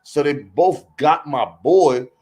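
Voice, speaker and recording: A man's voice: a little high, slow. Profane man telling a dog story. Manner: profane, animated, acts out quoted voices. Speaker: guest storyteller. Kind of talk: casual storytelling.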